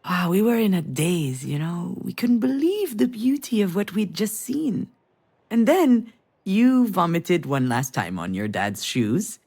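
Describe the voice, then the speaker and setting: A woman's voice: lowish voice, sing-song, measured pace, warm tone, slightly rough, heavily acted. An actress playing a mother who recalls a family memory in an intimate, storytelling manner for a game. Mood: nostalgic. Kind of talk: game voice acting.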